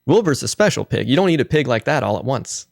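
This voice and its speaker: A man voicing an earnest old farmer who tells a long story in a slow, folksy way. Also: mid-range voice, sing-song, vocal fry, dry recording, studio quality.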